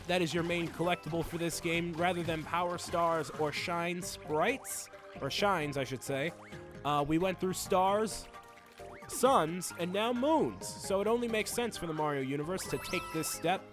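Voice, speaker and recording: A man's voice: sits high, unhurried, over music. A man hosting a video game playthrough, rambling through jokey, self-mocking commentary. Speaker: host.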